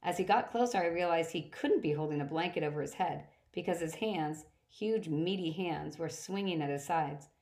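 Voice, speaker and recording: A woman reading a first-person story aloud, steady, with occasional slips and restarts. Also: fairly low pitch, moderate pace, few pauses. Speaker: audiobook reader.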